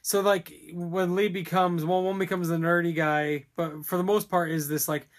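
A man's voice: high-pitched, flat delivery, moderate pace. A man co-hosting a casual podcast, rambling through a movie recap with laughs and crude jokes. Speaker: podcast co-host. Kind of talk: casual movie discussion chat.

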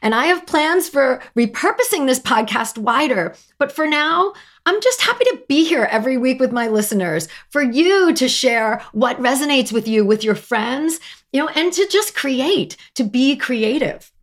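A woman from New Jersey with a raspy voice and a New Jersey accent, hosting her podcast in an emphatic, lively way with lots of fillers. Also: high-pitched, normal speed. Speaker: podcast host. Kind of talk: scripted podcast talk.

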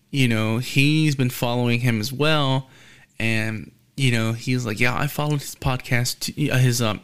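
Gravelly-voiced male podcast host. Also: medium pitch, fairly bright tone. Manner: storytelling, acts out quoted exchanges. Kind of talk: casual podcast conversation.

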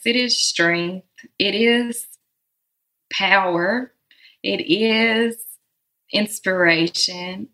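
A woman's voice: lowish voice, gravelly, a bit bright. A woman from the South, a musician talking about her life in a heartfelt, reflective interview and laughing often. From Southern United States. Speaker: musician guest.

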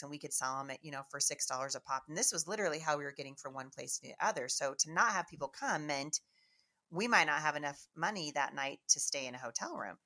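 A middle-aged woman from Washington State, a Christian speaker telling a lively personal testimony to an audience with chatty restarts. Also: sits low. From Washington State, USA. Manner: chatty, animated storyteller with frequent restarts. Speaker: Christian speaker and homeschool teacher.

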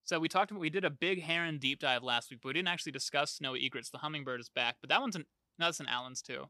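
A man's voice: fairly high pitch, racing, pushed and bright, no echo. A young man hosting a podcast, rambling in a laid-back way and laughing easily as he chats. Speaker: podcast host. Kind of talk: casual chat.

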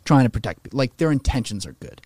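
In a casual podcast conversation, a man speaks a little fast at medium pitch, animated and opinionated. He swears freely and slips into mocking voices for quotes, with no room sound in the recording.

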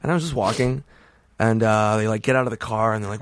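Male comedian guest, mid pitch, dry close mic, lively raunchy storyteller. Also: quick pace, dry recording. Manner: animated, swears a lot, acts out voices in stories. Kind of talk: casual podcast storytelling.

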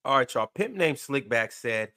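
A man's voice: mid-range voice, animated, moderate pace, pushed and bright. Man reading viewer comments on a panel. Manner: reads viewer comments aloud in playful voices. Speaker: podcast host reading chat. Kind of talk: casual panel chat.

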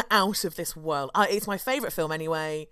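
A woman's voice: lowish voice, normal speed, pushed and bright, clear, resonant tone, dry recording, studio quality. A woman in her thirties hosting a podcast, telling a story in a chatty, enthusiastic way with many fillers. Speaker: podcast host. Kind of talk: casual chat.

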